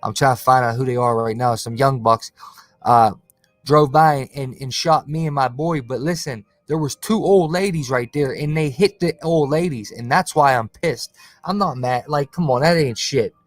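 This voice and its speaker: A man's voice: medium pitch, moderate pace, no room sound, faint music behind. A man hosting his own channel, ranting casually on a livestream, confrontational and slangy, tacking "bro" and "cuz" onto his lines. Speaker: conspiracy channel host.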